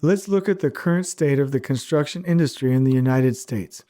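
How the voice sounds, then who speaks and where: A man in his forties hosts a podcast in a fired-up rant, blunt and combative, hammering his points by repeating them. His voice is medium-pitched, brisk, and warm.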